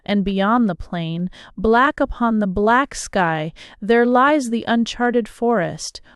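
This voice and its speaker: A woman reads a novel aloud at an unhurried, deliberate pace. Her voice is smooth and clear in a mid register, recorded close with almost no room sound. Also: on the high side, no room sound. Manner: slow, measured reading. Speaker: audiobook reader. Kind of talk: scripted narration.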